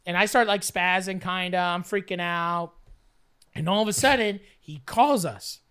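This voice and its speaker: A man spins a rowdy, profanity-laced story in a casual chat. His tone is bright and forward, and he acts out each quote as he goes. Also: high-pitched, moderate pace, smooth. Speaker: storyteller guest. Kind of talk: casual storytelling while playing cards.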